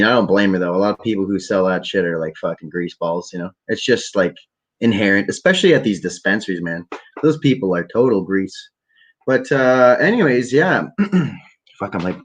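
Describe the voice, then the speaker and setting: A young vlogger from the Ottawa area of Canada, with a lowish voice, tells a long, profane story to a camera at home. His casual storytelling is relaxed, rambling and laid-back. The dull lo-fi webcam audio flattens the sound.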